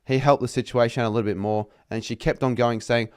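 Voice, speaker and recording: Speaking quickly with few pauses, this young Australian man vents to camera about working retail, sweary and exasperated, imitating customers in mocking voices. His mid-range voice is a little mellow and clean, with no room sound.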